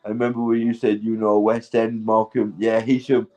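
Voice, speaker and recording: Livestreaming while intoxicated, this man from the north of England, in his 40s, wanders through a casual monologue to his viewers, swearing and chuckling at his own ideas. His voice is lowish, warm, and fairly flat in pitch, and he speaks fairly quickly on a low-quality recording.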